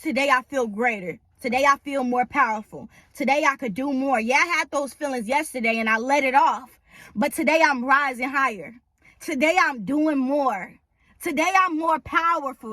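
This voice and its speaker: A woman talks straight to her viewers in a casual vlog. Her voice sits a little high, and she builds her points through emphatic, preacher-like repetition. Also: animated, moderate pace, bright, forceful tone, dry recording. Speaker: vlogger. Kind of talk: casual talk to camera.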